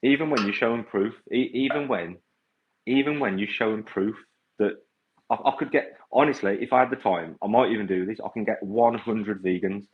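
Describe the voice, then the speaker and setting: Blunt low-voiced man on tinny audio. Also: fairly quick, a little hiss or hum. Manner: blunt, exasperated, repeats himself. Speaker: vegan coach and activist. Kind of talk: livestream rant to viewers.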